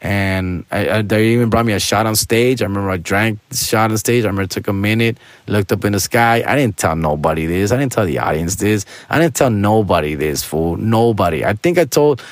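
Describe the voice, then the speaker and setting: Comedian guy telling a story, lowish voice, super slangy and candid, dry close mic. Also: fairly quick, few pauses, no room sound. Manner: slangy and candid, heavy with street slang tags. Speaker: stand-up comedian, podcast host. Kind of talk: casual storytelling to listeners.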